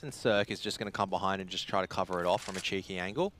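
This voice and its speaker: A man doing play-by-play esports commentary, excitable and teasing, his voice leaping up on big plays. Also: sits low, rapid-fire, a little hiss or hum.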